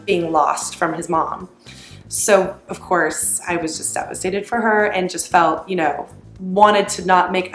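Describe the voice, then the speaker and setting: A mother telling a family story in a casual, chatty way, meandering and full of fillers. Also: lowish voice. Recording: roomy echo.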